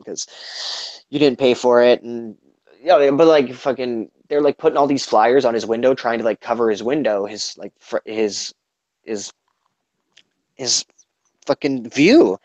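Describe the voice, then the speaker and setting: A man's voice: medium pitch, darkish tone, no echo. A man in casual political chat, rambling with lots of fillers and swearing, acting out the quotes he retells. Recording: dull lo-fi sound, dry.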